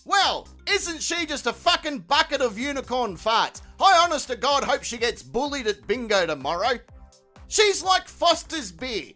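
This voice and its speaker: A man's voice: very high voice, very animated, moderate pace, few pauses, pushed and bright, soft background music. An Australian man hosting a comedic commentary show, crude and mocking, swearing constantly. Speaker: commentary channel host.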